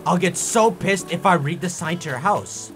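Animated young man ranting over gameplay. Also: high-pitched, normal speed. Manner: animated, theatrically angry ranting. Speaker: gaming YouTuber. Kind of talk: casual gameplay commentary. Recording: faint music behind.

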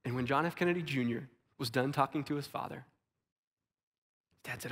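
A man's voice: mid-range voice, fairly quick, long pauses, slightly rough. Earnest preacher man in reverberant sanctuary. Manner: earnest, acts out quotes, drops to soft tones for stories. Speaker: pastor. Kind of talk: sermon. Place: church sanctuary.

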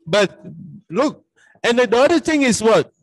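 High-voiced Cameroonian man telling a dramatic story. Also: sing-song, measured pace, no room sound. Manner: dramatic storyteller, acts out his own past dialogue. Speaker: podcast guest. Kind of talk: storytelling in casual conversation.

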